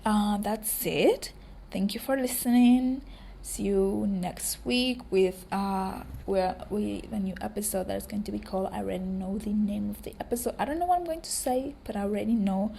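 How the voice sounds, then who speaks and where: A young woman hosting a casual solo podcast, her voice hoarse and cracking, rambling with frequent ums and offering warm affirmations to listeners. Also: medium pitch, moderate pace, a little hiss or hum. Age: young adult. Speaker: podcast host.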